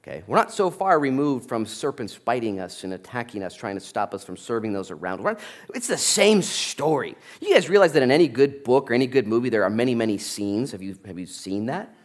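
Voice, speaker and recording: A man preaching a sermon as a pastor, telling stories with lively, animated energy and acting out the people in them. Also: mid-range voice, a little fast. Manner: animated storytelling, acting out voices.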